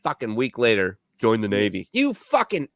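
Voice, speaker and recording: A man's voice: mid-range voice, huge pitch swings, normal speed, a bit bright, no room sound. A man from Milwaukee, a veteran co-host of a radio show, rambling through profane stories in casual chat full of fillers.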